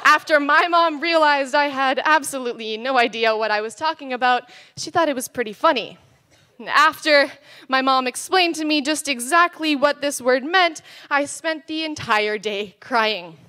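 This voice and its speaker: Bright high-voiced teen girl poet. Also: moderate pace. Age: teens. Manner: storytelling, playful comic timing. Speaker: student slam poet. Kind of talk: spoken word performance.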